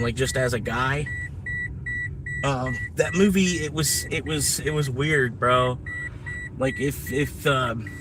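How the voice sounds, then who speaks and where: A man's voice: mid-range voice, noisy background. A man chatting casually on a live stream while driving deliveries, rambling with lots of fillers. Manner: rambling, laid-back, full of fillers. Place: inside a car on delivery runs.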